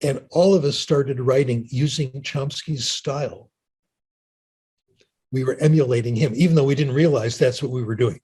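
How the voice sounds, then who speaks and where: A man's voice: medium pitch, normal speed, warm tone, breathy edge. An older man giving a lecture and answering audience questions, chatty and storytelling, often asking "okay?". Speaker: linguist giving a talk.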